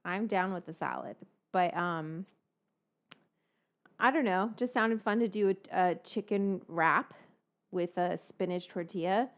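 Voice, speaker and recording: A woman's voice: lowish voice, a little slow. A middle-aged woman hosting a casual cooking livestream, rambling and swearing, with lots of fillers as she chats with viewers. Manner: rambling, chatty and profane, with frequent fillers. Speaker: cooking show host.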